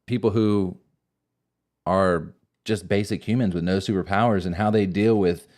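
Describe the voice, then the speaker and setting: A man's voice: sits low, steady tone, moderate pace, darkish tone. A man hosting a podcast in a studio, chatting casually and rambling about shows and camera gear. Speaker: podcast host. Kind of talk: casual chat.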